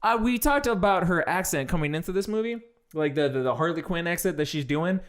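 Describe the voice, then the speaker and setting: A man's voice: high-pitched, lively intonation, a little fast. A man co-hosting a casual movie review, blunt and exasperated, swearing freely as he rants.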